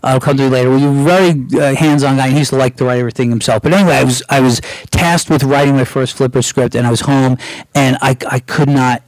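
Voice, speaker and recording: Middle-aged American man as interview guest, mid-pitched, rambling story style, close dry recording. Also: fairly even intonation, quick pace, dry recording, poor audio. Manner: rambling with restarts and acted-out quotes. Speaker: guest screenwriter. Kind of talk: casual anecdotal storytelling.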